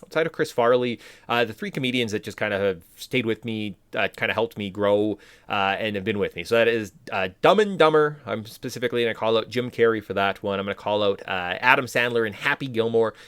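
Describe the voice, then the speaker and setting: Low-voiced podcast host, chatty and rambling. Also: male voice, brisk, hardly any pauses, fairly bright tone, clear, resonant tone, no echo. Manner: enthusiastic, rambling with fillers. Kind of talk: casual podcast chat.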